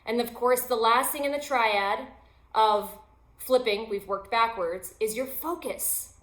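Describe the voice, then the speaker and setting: A woman's voice: fairly high pitch, unhurried, roomy sound. A woman host and yoga teacher giving a motivational self-help talk, upbeat and chatty, with self-deprecating humor.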